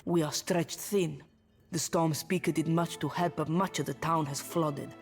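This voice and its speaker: An actress voicing a tired, stern town watch commander who speaks in a curt, measured way. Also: female voice, sits low, steady tone, faint music behind. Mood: weary. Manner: curt, measured, weary authority.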